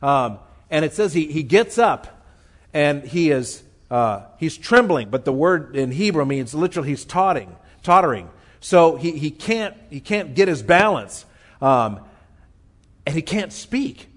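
Earnest male preacher, slightly higher voice. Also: sing-song. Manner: earnest, emotional, slows down to stress points. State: tearful, choked up. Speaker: pastor. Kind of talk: sermon, reading scripture and explaining it.

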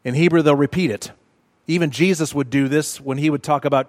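A man preaching a sermon in a church, measured and emphatic, repeating words for stress. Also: on the high side, fairly even intonation. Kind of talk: sermon teaching. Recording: long reverb of a large hall.

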